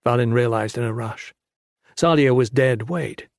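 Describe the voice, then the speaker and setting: A man narrating a fantasy audiobook with steady, dramatic storytelling on a close studio mic. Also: medium pitch, a little slow, gravelly, dry recording.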